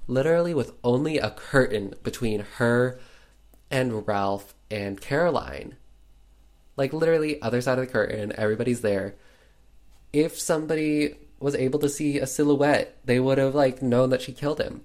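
A man casually retelling a film's plot, chatty and full of fillers, with playful sarcasm. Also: medium pitch. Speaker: podcast host recapping a film. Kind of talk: casual chat.

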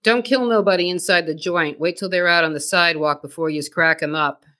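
A podcast host putting on a Boston accent to voice an older male mobster lecturing his crew, blunt and gruff. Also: mid-range voice, fairly quick, bright, forceful tone, lightly acted.

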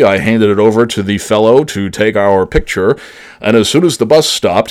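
A grumbling elderly relative, voiced by a man who speaks in a low voice. He rambles slowly through his story and keeps starting his sentences over, in the style of a prank voicemail comedy. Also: natural voice. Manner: slow rambling storytelling, halting restarts.

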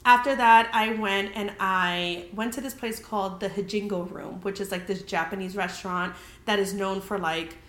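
A woman's voice: medium pitch, fairly even intonation, normal speed, fairly bright tone. A young woman casually telling a story as a podcast host, chatty and full of "like", swearing freely. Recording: roomy echoey room.

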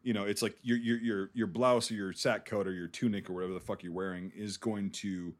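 A man's voice: on the low side, level tone, a little fast. A man hosting a casual podcast, joking and swearing freely as he asks questions. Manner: profane, joking. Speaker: podcast host.

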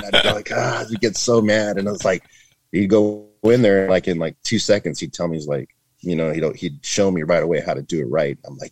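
A man's voice: low voice, fairly even intonation, a little fast, no room sound. A man in his fifties from Northern California, a retired border agent, telling stories to a podcast host in a chatty way, full of "like" and "man", acting out the voices of people he quotes. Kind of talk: casual interview storytelling.

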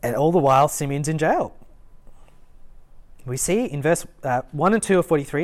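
A young adult gives an informal Bible talk at a student meeting, pitched in the middle range. The delivery is relaxed and conversational, full of fillers, restarts and small chuckles as the story is retold. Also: moderate pace, pauses often. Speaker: student ministry Bible teacher. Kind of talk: casual expository Bible talk. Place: lecture room at a student meeting.

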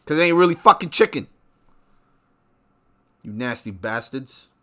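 Profane ranting man, bright voice. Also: medium pitch, a little slow. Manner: profane, animated ranting with sudden loud outbursts. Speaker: show host. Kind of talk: ranting monologue.

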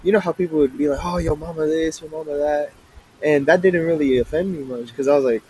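Brief: slightly high-voiced man, easygoing and unbothered, loose slang, faint background noise. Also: quick pace, a little mellow, low-quality recording. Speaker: podcast co-host. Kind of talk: casual chat.

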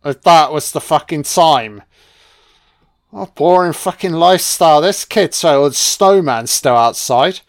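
A man's voice: fairly high pitch, measured pace. A man giving a sarcastic, foul-mouthed comedic commentary on a film. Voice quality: sweary, sarcastic, deadpan. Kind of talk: profane comedic movie commentary.

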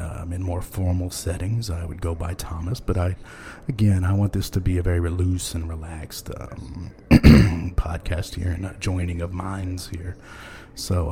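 This podcast host's voice sits low and warm, with a bit of hiss or hum on the recording. He rambles casually, dropping plenty of ums and uhs and laughing frequently.

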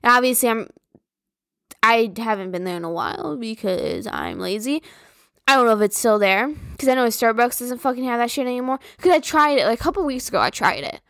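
A young woman rambles through a casual podcast rant, loaded with profanity and filler. Her voice sits a bit high, and the recording is dry with no room sound. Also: lively intonation, fairly quick, a bit bright, no room sound. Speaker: podcast host. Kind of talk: casual venting monologue.

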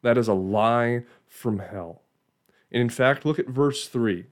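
A man's voice: medium pitch, takes it slowly. A man giving an informal Bible teaching in a conversational way, often checking in with "right?" and restarting phrases.

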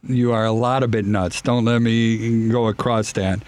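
A man with a Chicago accent hosting a radio talk show, reading out plugs and phone numbers in a brisk, friendly way. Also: on the low side, little pitch movement, a little mellow.

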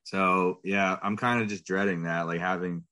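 Low-voiced laid-back dad co-host. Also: male voice, fairly even intonation, moderate pace, bright, forceful tone. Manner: laid-back, hesitant with fillers. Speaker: podcast co-host. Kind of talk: casual chat.

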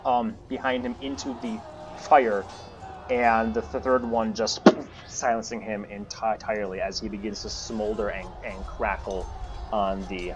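A man's voice: on the low side, fairly even intonation, moderate pace. A man narrating as game master of a tabletop game, casual and swearing freely. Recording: muffled audio with music.

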